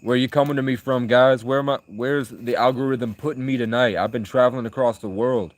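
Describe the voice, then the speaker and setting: A man's voice: medium pitch, steady tone, brisk, no echo. A young man live streaming, chatting with viewers in rambling, crude, provocative banter. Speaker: livestreamer.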